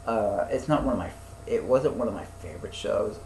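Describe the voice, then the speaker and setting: A man's voice: lowish voice, fairly quick, a little mellow, echoey room, a little hiss or hum, rough recording. A young man chatting casually as a podcast co-host, rambling with lots of fillers, restarts and swearing. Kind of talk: casual chat.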